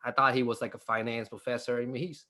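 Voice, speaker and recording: A man's voice: mid-range voice, level tone, fast, sharp tone. A young man from Vietnam, a comedian in a casual interview over a video call, joking and laughing with many fillers and restarts. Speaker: stand-up comedian guest.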